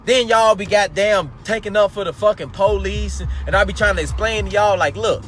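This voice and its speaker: A man's voice: high-pitched, fairly quick, a bit bright, a little hiss or hum. A man hosting a live talk show, delivering an angry, profane commentary monologue and calling his listeners family. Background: faint background music.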